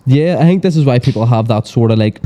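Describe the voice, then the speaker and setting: Very dark-voiced man telling sweary stories. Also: medium pitch, expressive, fast talker. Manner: sweary, rambling storyteller full of fillers. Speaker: podcast guest. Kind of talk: casual chat.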